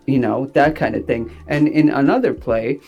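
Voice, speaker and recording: A man who is an actor and director, talking in a rambling, animated way with many fillers. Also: mid-range voice, normal speed, vocal fry, highs cut off, faint music behind. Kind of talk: casual interview talk.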